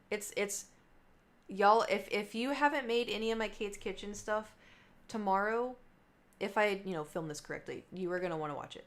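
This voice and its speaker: A young adult woman livestreams, chatting casually with her viewers and rambling from topic to topic. Her voice is mid-range and her pace moderate.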